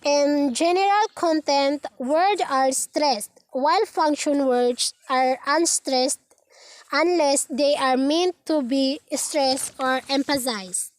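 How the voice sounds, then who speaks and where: A woman's voice: high voice, no echo. A woman with a Filipino accent teaching a recorded lesson, reading out word lists carefully, one word at a time. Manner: slow, careful, reads words one by one.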